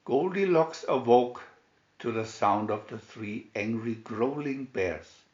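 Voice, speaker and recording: A man reads a children's fairy tale slowly and expressively, his pitch rising and falling a great deal. The voice sounds dull and a little echoey, as if recorded in a plain room. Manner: lively expressive storytelling. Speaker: storybook reader. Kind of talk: slow read-aloud fairy tale narration.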